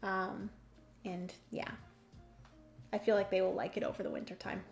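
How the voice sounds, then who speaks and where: A woman hosting a casual board game livestream, chatty and filling pauses with hums and ums. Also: medium pitch, flat delivery, creaky, darkish tone, faint music behind.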